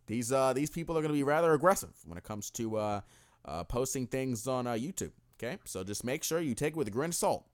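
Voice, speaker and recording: A man putting on the voice of a calm, measured male politician giving a speech, with slow, deliberate pauses. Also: mid-range voice, natural voice. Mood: reassuring.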